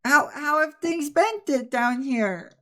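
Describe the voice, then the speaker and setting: A man's voice: very high-pitched, a bit bright, pitched above the performer's own voice, exaggerated voice. A man voicing a shy, eager young man who stammers and halts as he introduces his friends in a tabletop game. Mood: bashful. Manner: stammering, halting and bashful.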